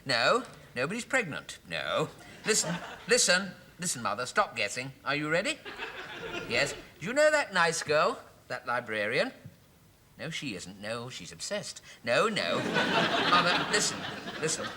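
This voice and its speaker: An actor playing a fussy, flustered bachelor in a sitcom. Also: male voice, a little high, wildly swooping pitch, a little slow, heavy background noise. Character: fussy put-upon young English bachelor. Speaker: office clerk. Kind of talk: sitcom acting.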